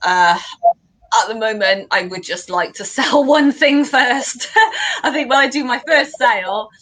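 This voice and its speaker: A woman's voice: fairly high pitch, measured pace, a bit bright. A young woman from England, a guest in a casual interview, telling stories in a chatty way and laughing often.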